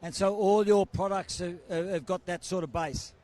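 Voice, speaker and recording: A jovial man with a fairly high voice roams a trade night as host. He jokes and chats easily with each exhibitor, and his voice is wearing thin from a long evening. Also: steady tone, moderate pace, darkish tone. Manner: jovial, chatty, joking. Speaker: roving event host. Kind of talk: casual roving interview. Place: trade show floor.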